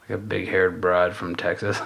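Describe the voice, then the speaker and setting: A man's voice: sits low, level tone, normal speed, gravelly, fairly bright tone. A man co-hosting a podcast in casual chat, musing and rambling with lots of fillers and swearing. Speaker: podcast co-host.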